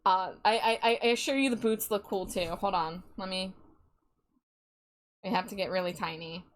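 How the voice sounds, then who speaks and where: A woman's voice: mid-range voice, fairly even intonation, normal speed. A young woman with a Midwestern accent, chatting casually and playfully with her live chat as a streamer, laughing often. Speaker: livestreamer.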